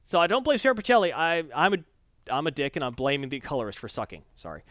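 Male podcast reviewer, high and very animated, blunt and profane; dry, muffled sound. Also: fast, no echo. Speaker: comic book reviewer. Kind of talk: casual opinionated review chat. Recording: dull dry close-mic sound.

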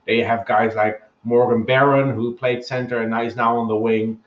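A man's voice: medium pitch, little pitch movement, normal speed, reverberant, lo-fi sound. A man co-hosting a casual sports podcast, breaking things down analytically and weighing each point with hedges and repeats. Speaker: podcast co-host.

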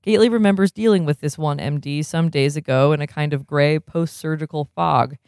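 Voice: medium pitch, fairly quick, a little mellow, no room sound, clean studio sound. A reader reading a novel aloud, chuckling often and breaking off for casual comments.

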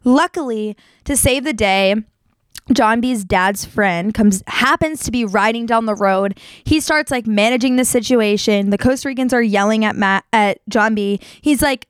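A young woman hosting a show, telling a personal story in a casual, animated way and leaping up in pitch when she acts out what people said. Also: normal speed, smooth, no echo. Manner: animated, jumps to high pitch acting out quotes. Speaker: podcast host.

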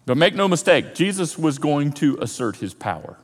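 A male pastor with a high voice preaching a sermon, animated, dropping into quoted voices to act out scenes. His words ring out with a long hall reverb behind them. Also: normal speed, breathy edge.

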